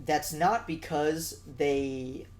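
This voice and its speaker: A man's voice: fairly high pitch, very slow. A man co-hosting a casual podcast chat, earnest and rambling, with lots of fillers and restarts. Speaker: podcast co-host.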